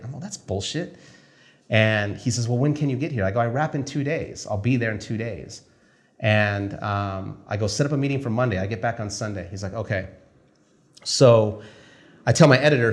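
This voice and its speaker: A male film director telling a story casually, acting out the conversations he quotes. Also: lowish voice. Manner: animated, acts out dialogue in quick quoted exchanges.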